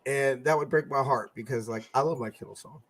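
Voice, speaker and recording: A man co-hosting a casual sports fan podcast, profane and excitable, swinging between loud bursts and mutters. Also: mid-range voice, a little fast. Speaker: podcast co-host.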